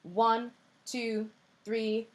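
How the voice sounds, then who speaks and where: A woman's voice: a little high, flat delivery, extremely slow. A woman voice teacher giving a singing lesson in a patient, coaching way, her voice a little scratchy. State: slightly scratchy voice.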